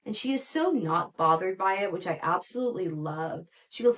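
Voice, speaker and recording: A woman hosting a podcast, recapping a reality show in a chatty, animated way, with frequent "like" fillers and laughter. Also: lowish voice, moderate pace. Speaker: podcast host.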